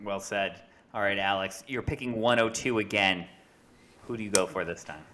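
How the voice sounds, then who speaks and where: Male podcast host, lower voice, easygoing, steers the chat. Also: moderate pace, pushed and bright, slight background noise. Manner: easygoing, leads the discussion.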